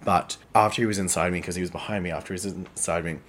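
A man's voice: sits low, steady tone, fast, fairly bright tone, a little hiss or hum. A young Australian man co-hosting a podcast, chatting frankly with many "like" fillers. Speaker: podcast co-host. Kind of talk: casual chat.

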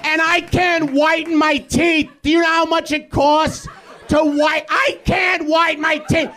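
A male comedian on a live stage, shouting an exasperated, profane rant. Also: very high-pitched, little pitch movement, unhurried. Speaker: comedian guest.

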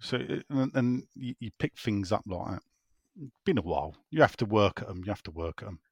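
A man's voice: fairly low pitch, expressive, a little fast, darkish tone, husky, no echo. A man hosting a casual football fan chat, rambling and repeating himself as he reads out listener messages. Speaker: football podcast host reading listener messages.

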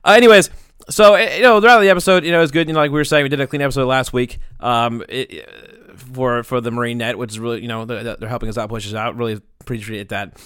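A man's voice: medium pitch, steady tone, fast, a bit bright, clear, resonant tone, dry recording, studio quality. A young man producing a podcast, wrapping up the show in a rambling, crude, joking way with lots of fillers. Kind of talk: casual podcast chat.

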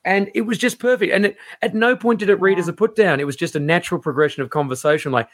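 A man, a stand-up comedian, chatting on a podcast and acting out quoted people in raised, lively voices. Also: sits high, quick pace, hardly any pauses. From Australia. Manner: animated storyteller, acts out quotes in raised voices. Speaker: comedian guest. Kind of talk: casual podcast chat.

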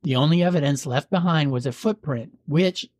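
A podcast host reads a local legend aloud, bantering as he goes, in a slightly husky voice that sits on the high side with a darkish tone. His storytelling is unhurried and measured, broken now and then by a dry joke. The recording is close and dry, with no echo or room sound.

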